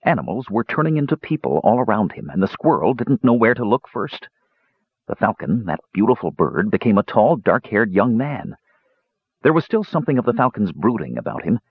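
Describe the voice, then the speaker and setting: A man reading a fantasy novel aloud in measured storytelling narration. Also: slightly rough, dry recording, narrow, tinny audio. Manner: measured storytelling, lively pitch. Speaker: audiobook narrator.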